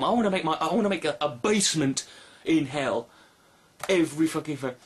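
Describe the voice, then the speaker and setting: A young man, a video blogger, delivering a sarcastic, profane rant with animated outbursts. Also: on the high side, fairly quick, a little hiss or hum.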